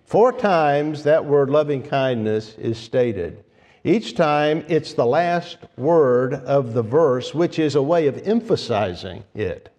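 Slow, deliberate man preaching in a reverberant hall. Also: medium pitch, animated, darkish tone. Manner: slow, deliberate, with restarts and fillers. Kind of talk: sermon. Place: church sanctuary. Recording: long reverb of a church hall.

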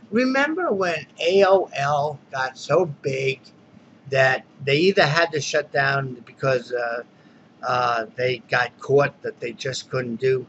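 Fed up guy ranting about bad service, tense sharp voice, muffled lo-fi audio with faint hiss. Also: medium pitch. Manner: irritated, exasperated ranting. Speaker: dissatisfied customer. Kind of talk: ranting complaint video. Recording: dull lo-fi recording with faint noise.

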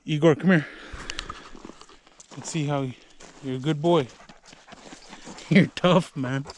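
A man outdoors talking casually and gently coaxing and soothing his dog. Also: a little high, steady tone, takes it slowly, slight background noise. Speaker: vlogger. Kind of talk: casual talk while outdoors. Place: outdoors in the woods.

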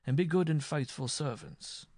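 A man's voice: on the high side, normal speed, darkish tone, no echo, clean studio sound, voice pushed up, natural voice. A man voicing an arrogant, hot-tempered noble marshal on trial, blustering and indignant. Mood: wheedling.

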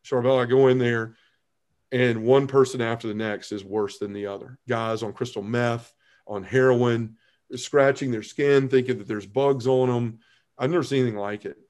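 An earnest man tells his personal testimony to a podcast host. He speaks at a middle pitch, stops and restarts his phrases, and lowers his voice at the heavy parts of the story. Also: fairly even intonation, darkish tone. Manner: earnest storytelling, halting restarts, drops low when emotional. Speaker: podcast guest.

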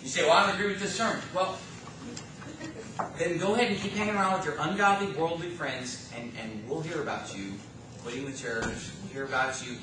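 Recorded from a distance in an echoey church sanctuary, a pastor preaches with emphasis that rises and falls. His voice is a little high and brisk, and the background is noisy.

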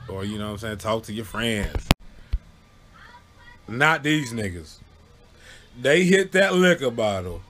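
A man casually telling funny childhood stories, animated, breaking into loud high yelps when he acts out what people said. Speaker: storyteller. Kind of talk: casual storytelling to camera.

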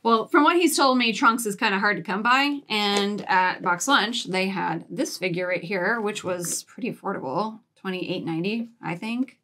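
A woman's voice: medium pitch, moderate pace, few pauses, pushed and bright, slight background noise. A woman vlogger chatting casually at home while showing off a shopping haul, giggling and cooing baby talk at her cats.

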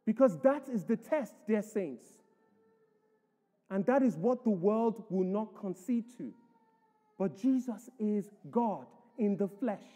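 A male pastor preaches with emphasis, his voice high-pitched yet mellow and dark in tone. He reads scripture aloud and presses each point home. The sound carries the long echo of a church hall. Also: animated, slow, soft background music. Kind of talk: sermon.

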